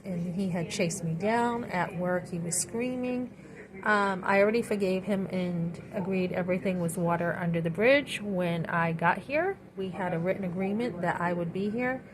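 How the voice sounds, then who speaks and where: A middle-aged woman in a rambling personal monologue, full of fillers and restarts. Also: medium pitch. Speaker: vlogger. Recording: noisy background.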